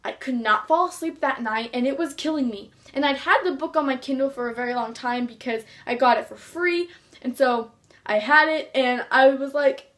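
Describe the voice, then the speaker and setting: High-voiced gushing teenage girl. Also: moderate pace, fairly bright tone. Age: teens. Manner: gushing, rambling with restarts. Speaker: book vlogger. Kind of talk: casual chat to camera.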